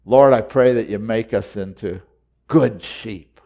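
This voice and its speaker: A man preaching a sermon, earnest and repetitive, moving between quiet reflective lines and loud urgent exhortations. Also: on the low side, measured pace.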